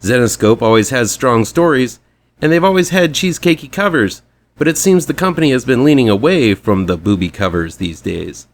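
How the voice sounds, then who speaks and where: A man's voice: mid-range voice, sing-song, normal speed. A man hosting a weekly horror comics show, reading a scripted rundown with chatty, fan-like enthusiasm.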